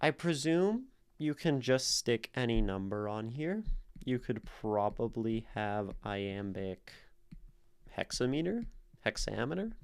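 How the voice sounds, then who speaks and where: A man's voice: medium pitch, sing-song, takes it slowly, gravelly, clean tone. A man streaming live, casually explaining poetic meter and sounding out the stress in words as he thinks aloud. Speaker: streamer analyzing poetry.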